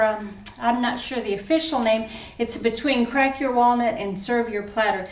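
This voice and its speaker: A woman leading an exercise class for older adults, counting reps and cheering people on, a little out of breath. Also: on the high side. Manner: encouraging, counts reps aloud, cheers on the last reps. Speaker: fitness instructor. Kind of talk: guided exercise class instruction. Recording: echoey room, mic at a distance.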